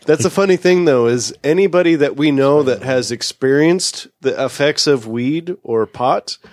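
A man's voice: medium pitch, normal speed, a little mellow, dry recording, studio quality. A man co-hosting a podcast in casual chat, joking and acting out quoted voices. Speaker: podcast co-host.

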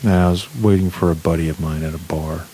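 This podcast co-host speaks fast in a deep male voice, spinning a crude joke story full of nonstop swearing. Animated and profane, he performs each quote himself during the casual chat, over slight background noise.

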